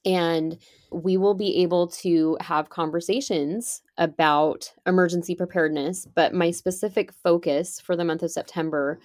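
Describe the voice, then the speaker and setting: A woman's voice: lowish voice, steady tone, moderate pace, darkish tone, no echo, clean studio sound. A woman on a podcast, explaining emergency preparedness step by step in an upbeat, chatty way. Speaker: podcast guest, preparedness expert. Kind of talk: casual podcast conversation.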